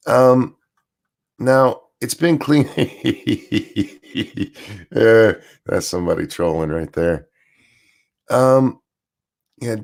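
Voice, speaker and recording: A man's voice: medium pitch, animated, extremely slow, gravelly, long pauses. A man hosting a casual rant stream, sarcastic and crude, rambling with many fillers, still in his morning voice. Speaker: streamer host.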